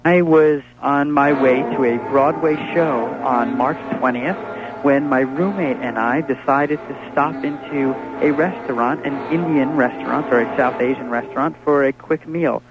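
A man recounts a tense personal ordeal in a measured, detailed way, with a voice at an ordinary pitch. The recording is muffled and lo-fi, with music playing clearly underneath. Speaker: witness recounting a police raid. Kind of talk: spoken testimony.

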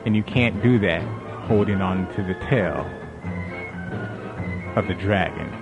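Slow, deliberate male commentator with music underneath. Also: sits low.

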